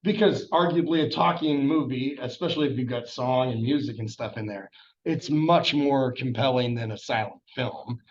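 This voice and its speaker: A middle-aged man lectures on history in a loose, chatty, enthusiastic way, at an ordinary pitch. The recording sounds dull and lo-fi, taken in a classroom. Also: moderate pace. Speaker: history teacher.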